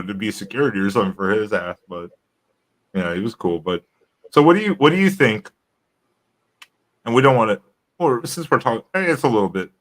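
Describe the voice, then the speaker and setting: A man hosts a late-night livestream and chats loosely, with rambling, profane stories broken up by laughs. His voice sits very low in pitch. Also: a bit bright, poor audio. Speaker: livestream host. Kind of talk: casual chat.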